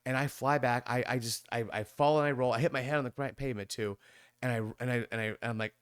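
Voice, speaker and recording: A man in his fifties, a podcast guest, telling a long story in a rambling way and mimicking other people's voices with sudden high squeaks. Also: steady tone, fast, clear, resonant tone, no echo, studio quality. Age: 50s. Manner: rambling with many restarts and fillers. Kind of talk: conversational storytelling.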